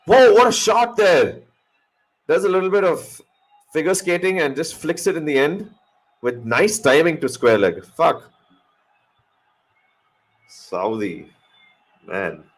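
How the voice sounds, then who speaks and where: Husky-voiced man calling cricket live. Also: a little high, slow, pauses often, poor audio. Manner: excitable, swears, jokes. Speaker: live stream host. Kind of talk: casual live cricket watch-along commentary.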